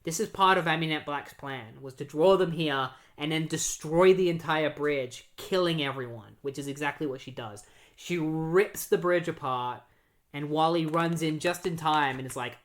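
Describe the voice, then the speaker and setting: A casual podcast host recapping a comic storyline, rambling with lots of "like" and "uh". Mid-pitched, with an even, everyday delivery that keeps dipping into quick character voices. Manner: rambling, filler-heavy, breaks into quoted voices.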